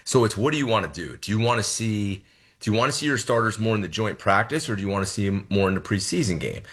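A man's voice: fairly low pitch, expressive, fast talker, fairly bright tone, slightly rough. A man in his thirties, a head football coach, explaining his choices in a radio interview and repeating words as he thinks.

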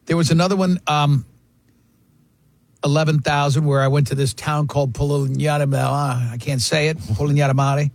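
A man's voice: fairly high pitch, fairly even intonation, a little fast, long pauses, no room sound. A man hosting a sports radio show, chatting casually and telling rambling, self-deprecating stories.

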